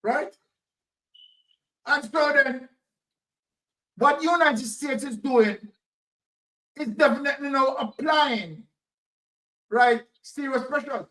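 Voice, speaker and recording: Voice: sits high, slow, pauses often, bright, forceful tone, distant mic, low-quality recording. A political commentator with a Jamaican accent, talking emphatically and repeating phrases in Jamaican Patois. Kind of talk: impassioned commentary.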